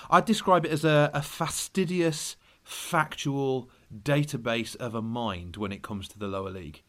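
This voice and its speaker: A man's voice: mid-range voice, moderate pace, fairly bright tone. A man co-hosting a casual football podcast, talking in a rambling, hesitant way with many restarts. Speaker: podcast co-host.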